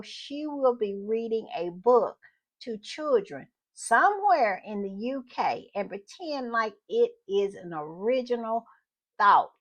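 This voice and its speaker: A woman's voice: on the high side, fairly bright tone, highs cut off. A woman hosting a casual commentary vlog, chatty and gushing, talking straight to her viewers. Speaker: channel host.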